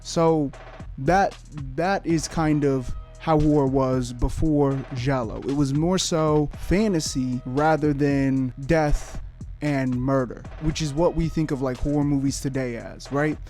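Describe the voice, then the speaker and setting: A man's voice: a little high, a little slow, darkish tone, faint music behind. A man giving a casual video essay as a YouTuber, joking and rambling with lots of fillers and swearing.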